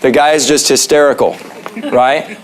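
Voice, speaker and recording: A man's voice: mid-range voice, fairly even intonation, normal speed. A man, a chiropractor, giving a casual class in his office, joking and throwing questions to the audience. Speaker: chiropractor teaching a health class.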